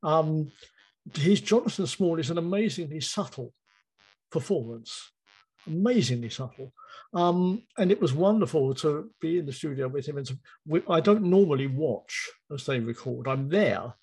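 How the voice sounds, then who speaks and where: A man's voice: on the high side, animated, moderate pace, darkish tone, breathy edge, poor audio. A man, a writer and podcast guest, speaking thoughtfully and repeating key phrases. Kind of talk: interview conversation.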